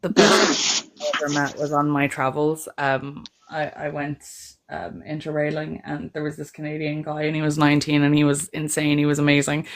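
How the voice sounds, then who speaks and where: A woman's voice: low-pitched, flat delivery, moderate pace. A young adult woman from Ireland with an Irish accent, chatting as a panel guest and telling stories with frequent laughter. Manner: chatty storyteller, laughs often. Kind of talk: casual chat on a call.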